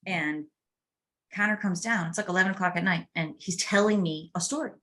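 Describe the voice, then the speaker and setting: A woman's voice: lowish voice, fairly quick, a bit bright. A middle-aged woman hosting a podcast, telling family stories in a chatty, casual way with laughs. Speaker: podcast host. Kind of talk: casual chat.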